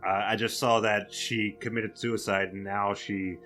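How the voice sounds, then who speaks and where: A man's voice: fairly low pitch, level tone, unhurried, pushed and bright, faint music behind. A man hosting a podcast, casually walking through researched material with a co-host.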